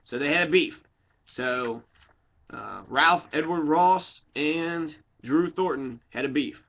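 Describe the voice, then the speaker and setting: A fairly high-voiced man reading a true-crime book aloud, stopping now and then for offhand joking asides and fixing his own stumbles. The recording is dull and lo-fi. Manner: breaks off reading for joking tangents and self-corrections. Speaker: audiobook reader. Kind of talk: casual read-aloud with rambling asides.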